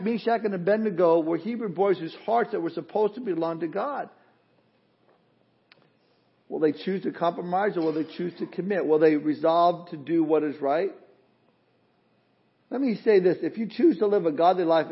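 A man's voice: sits high, husky, dull audio. A man preaching a sermon in a conversational way, acting out the excuses people make. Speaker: pastor.

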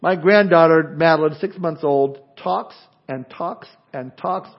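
An older man delivers a sermon with a high voice. His preaching is animated and conversational, full of restarts. The recording is dull and lo-fi. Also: a little slow. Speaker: pastor.

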